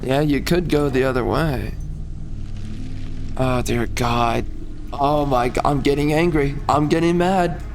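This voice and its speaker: A male streamer delivers sarcastic, mocking commentary as he plays a video game, with game music and sounds behind him. His voice is medium-pitched and a little slow, with background noise present.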